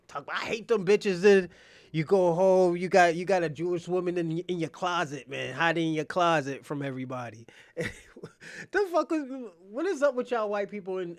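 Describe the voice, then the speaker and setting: A man hosting a podcast live stream, bantering with chatters in a brash, mocking, profane way. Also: on the high side. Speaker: livestream podcast host. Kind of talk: casual live chat reacting to viewers.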